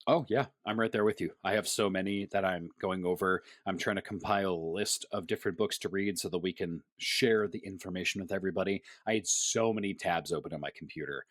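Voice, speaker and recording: A man co-hosting a podcast, talking in a fairly low voice with a chatty, playful manner. He is recorded close on the mic in a dry, dead room. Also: no room sound. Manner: chatty and playful, quick asides. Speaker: podcast co-host. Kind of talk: casual chat.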